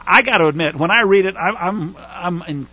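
A man giving a casual, animated Bible study and teaching through a Torah portion. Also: sits high, brisk, husky, lo-fi sound. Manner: animated, acts out whining voices.

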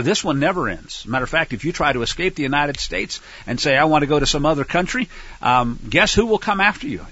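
A middle-aged man teaching scripture in a sermon style, emphatic and rising to loud peaks when he quotes. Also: fairly high pitch, slightly rough. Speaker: bible teacher. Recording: dull lo-fi dry recording.

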